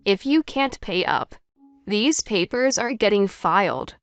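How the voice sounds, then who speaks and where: A woman's voice: medium pitch, big pitch swings, unhurried, vocal fry, no room sound, muffled recording, faint music behind. A woman voicing a stern mother-in-law who lays down terms in a firm, commanding way.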